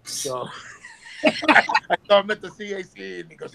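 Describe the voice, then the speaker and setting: A former pro wrestler telling animated stories with sound effects, talking on his phone from work. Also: high voice, a little slow, creaky, background noise. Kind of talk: casual storytelling.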